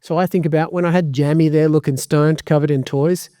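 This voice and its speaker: A man giving a community talk as a dog trainer, lively and conversational with joking asides. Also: a little high, fairly quick, no room sound, clean studio sound.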